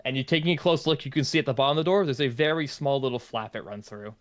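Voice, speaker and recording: A man narrates a tabletop fantasy game as game master. He talks casually and loosely, with plenty of fillers, at a middle pitch. His tone stays plain and everyday. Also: fast.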